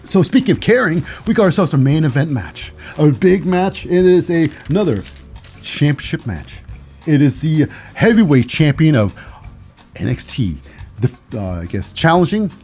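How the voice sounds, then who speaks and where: A man's voice: fairly high pitch, sing-song, moderate pace, a little mellow, faint music behind. A man hosting a solo podcast, recapping in a rambling, wry way with many restarts. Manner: rambling, restarts, dry asides. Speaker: podcast host.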